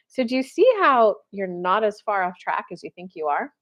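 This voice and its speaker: A woman's voice: medium pitch, normal speed, hardly any pauses. A woman hosting a casual spiritual livestream, giving readings and acting out the voices of people she describes. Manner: animated, acts out quoted voices.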